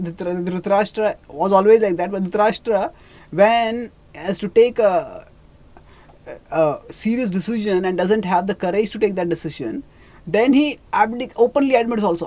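Halting sermon storyteller. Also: medium pitch, darkish tone. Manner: halting, with many restarts and asides. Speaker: spiritual teacher.

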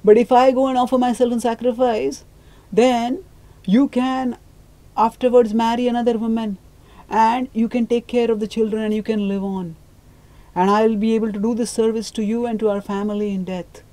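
A devoted wife implores her husband, reasoning through her plea in a lifted, earnest voice. A storyteller voices her in a spoken retelling. She sounds steady in her resolve. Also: medium pitch, normal speed, no room sound, voice pushed up, close to an everyday voice, poor audio. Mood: imploring. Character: devoted wife, pleading mother.

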